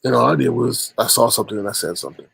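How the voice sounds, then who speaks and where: Gravelly husky man hosting a livestream. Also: medium pitch, racing, fairly bright tone, no echo. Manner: repeats phrases, addresses chat and callers by name. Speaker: livestream host. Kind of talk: casual livestream chat with callers.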